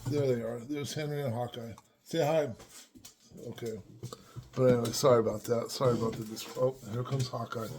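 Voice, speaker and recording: A man's voice: mid-range voice, steady tone, fairly quick, a little mellow, slight background noise. An older man from the Los Angeles area reminiscing at home in a rambling, casual way, with many fillers and restarts. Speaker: vlogger. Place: at home with his dogs.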